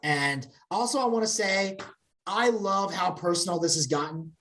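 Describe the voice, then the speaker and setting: Blunt, fast-talking woman co-host. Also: fairly low pitch, fairly bright tone, slight background noise. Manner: opinionated and blunt, talks in quick bursts with restarts. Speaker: podcast co-host. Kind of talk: casual wrestling chat.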